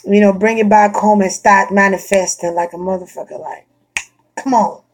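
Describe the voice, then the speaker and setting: A woman chatting casually and bluntly, swearing freely, laughing often and getting animated. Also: medium pitch, moderate pace. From Florida. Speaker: vlogger chatting to a friend. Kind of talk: casual chat.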